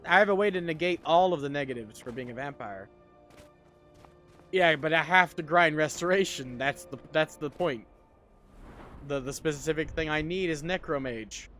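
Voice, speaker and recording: A sleepy man chats loosely on a game livestream, rambling and swearing as he goes. His voice sits slightly high. Faint game music runs underneath. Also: a bit bright. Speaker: gaming streamer. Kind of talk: casual game livestream chat.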